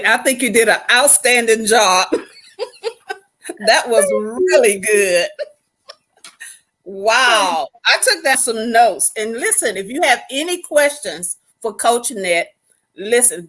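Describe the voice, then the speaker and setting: A woman's voice: a little high, fairly bright tone. A woman hosting a church live stream, encouraging and speaking directly to the viewers. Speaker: host.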